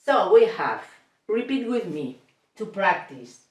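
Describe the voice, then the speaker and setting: In this echoey room, a woman who teaches Spanish talks off-mic at a distance, her medium-pitched voice slightly mellow and swinging widely in pitch. She leads an unhurried lesson step by step, saying every sound more than once and pausing to ask "okay?" again and again.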